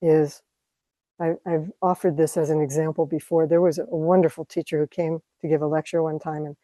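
A woman teaching meditation to an audience, speaking calmly and reflectively with light laughs. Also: sits low, brisk, no echo, rough recording. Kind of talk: dharma talk to an audience.

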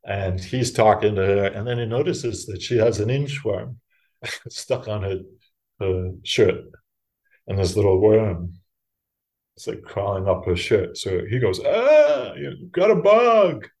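A middle-aged man, a monk giving a talk, telling a personal story in a relaxed, self-mocking way, breaking into laughs and acting out the voices of others. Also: fairly low pitch, measured pace. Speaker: Buddhist monk teacher.

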